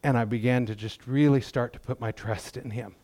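A man's voice: medium pitch, steady tone, a little fast, darkish tone, dry recording. A middle-aged man giving a testimony in church, talking in a folksy, conversational way with self-deprecating humor. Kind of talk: sermon testimony.

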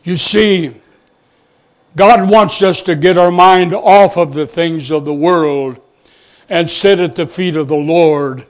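High-voiced, slow-speaking male preacher. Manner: storytelling, halting with many "and, uh" fillers. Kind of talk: sermon.

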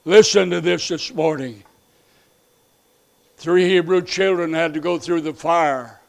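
A man preaches a sermon in a high, resonant voice with a gravelly edge. He climbs into loud pleading runs, then drops soft and low, repeating his phrases for emphasis. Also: slow. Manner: swings between loud pleading rises and soft low passages. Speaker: pastor.

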